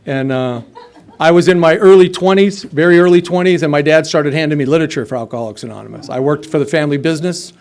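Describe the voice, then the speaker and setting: A man's voice: on the high side, fast, darkish tone. A middle-aged man telling his own recovery story at a meeting, rambling with many fillers and restarts. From United States. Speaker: AA meeting speaker.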